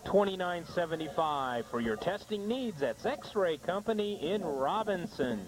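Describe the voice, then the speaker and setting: A man calling a local high school baseball game on a small broadcast, reading sponsor ads between plays and laughing easily. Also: lively intonation, unhurried, noisy background. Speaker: play-by-play announcer.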